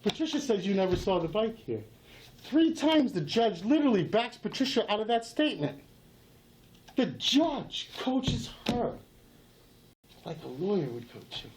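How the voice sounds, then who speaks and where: A man's voice: high-pitched, big pitch swings, measured pace, a little hiss or hum, rough recording. A man in a heated face-to-face argument, insistent and profane, repeating himself and talking over others. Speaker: channel owner confronting a sheriff.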